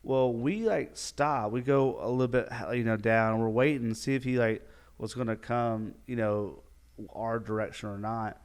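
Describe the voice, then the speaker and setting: A man spins a casual podcast yarn with an animated, chuckling delivery and plenty of "like"s. His voice is smooth and clear in the middle range, the easygoing tone of a youth minister talking to friends. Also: mid-range voice, normal speed. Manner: animated, chuckling storyteller with many fillers. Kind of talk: casual storytelling.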